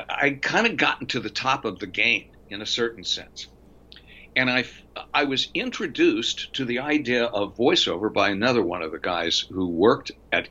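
Bright-voiced man telling radio stories. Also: mid-range voice. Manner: animated anecdotal delivery with fillers. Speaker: voice actor and former radio DJ, interview guest. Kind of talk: storytelling in a conversational interview. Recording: dull lo-fi audio.

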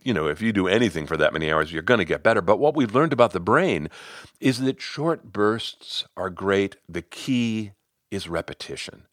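A middle-aged man hosting his own podcast and telling a story as a speaking coach. He is expressive, climbing high when excited and sinking to near-whispers. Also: dry recording, studio quality. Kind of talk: solo podcast storytelling and advice.

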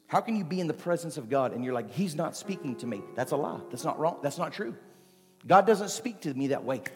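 A man preaching a sermon as pastor, animated and moving between quiet talk and shouting. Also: a little high, brisk. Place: church sanctuary. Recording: long hall reverb with faint music.

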